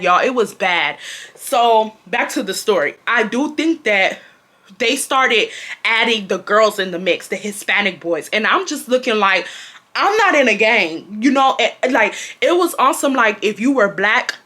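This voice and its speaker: A young adult woman recounting a school story to her audience. She is lively and slangy and keeps talking to her viewers. Her voice is bright and sharp at a middle pitch. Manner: animated, slangy, addresses viewers directly. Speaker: storytime vlogger. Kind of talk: casual storytime vlog.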